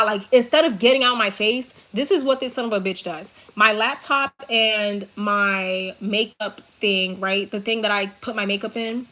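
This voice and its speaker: Sitting on her bed, a young woman with a New York accent tells a storytime rant to her laptop's built-in mic, heated, profane and emphatic. Her mid-range voice is bright and forceful at normal speed with few pauses.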